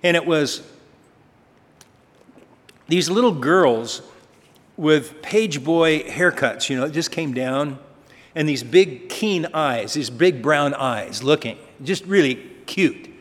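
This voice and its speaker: A man's voice: fairly high pitch, expressive, slow pace, long pauses. A man preaching a sermon as pastor, telling stories conversationally and asking rhetorical questions. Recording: long reverb of a large hall.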